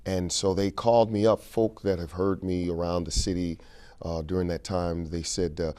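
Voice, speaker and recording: A man's voice: deep voice, steady tone, moderate pace, darkish tone. A man from St. Louis in an interview, telling stories and repeating phrases for emphasis. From St. Louis, Missouri. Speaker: keynote speaker and King speech performer. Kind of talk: interview conversation.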